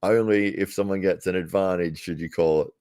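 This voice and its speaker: A man casually commentating on a live stream from his computer, chatty and quick to laugh as he rambles between tasks. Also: low-pitched, fairly even intonation, a little mellow, no room sound, clean studio sound.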